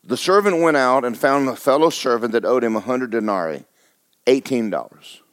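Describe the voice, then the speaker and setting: Male pastor, mid pitch, conversational sermon with rhetorical questions, dry sound. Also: expressive, moderate pace, dry recording. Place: church sanctuary.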